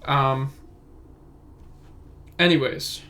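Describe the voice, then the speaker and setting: A man's voice: medium pitch, steady tone, drawn-out words, pushed and bright. A young man in his twenties hosting a casual solo podcast from his room at home, recorded on a phone, rambling and going off on tangents. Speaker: podcast host. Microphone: phone camera.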